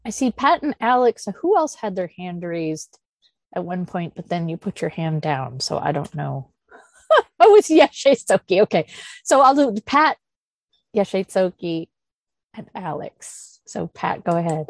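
Slow, thoughtful woman teacher. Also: fairly low pitch, big pitch swings, no room sound. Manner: thoughtful, searching, with sighs and soft laughs. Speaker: Zen teacher leading a discussion. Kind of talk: unscripted dharma talk and Q&A.

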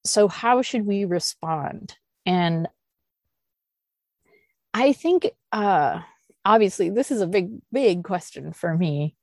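A woman leading a meditation group discussion, thinking aloud with soft sighs and laughs. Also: mid-range voice, lively intonation, slow, long pauses, no room sound. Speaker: Zen teacher leading a discussion. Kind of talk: unscripted dharma talk and Q&A.

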